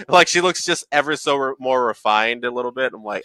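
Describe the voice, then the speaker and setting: A young man hosting a casual anime talk, excitable and profane, laughing often. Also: medium pitch, moderate pace, no room sound. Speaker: podcast host.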